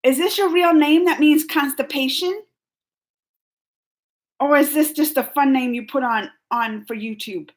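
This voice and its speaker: A woman's voice: high voice, a little slow, long pauses. A woman hosting a casual live stream, chatting and giggling as she reads viewer comments aloud. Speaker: YouTube reaction host.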